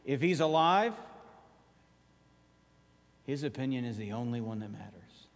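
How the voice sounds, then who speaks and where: Man preaching in a reverberant hall. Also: lively intonation. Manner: emphatic, drops to quiet slow phrases and rises to urgent high appeals. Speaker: pastor. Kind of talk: sermon.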